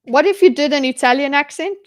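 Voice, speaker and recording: A fairly high-pitched woman talks to herself as she diagrams on a live stream. Her speech is rambling and full of restarts, and she answers her viewers in a chatty way. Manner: rambling, self-interrupting, chatty with viewers, quick laughs. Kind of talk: thinking aloud while mind-mapping on a live stream.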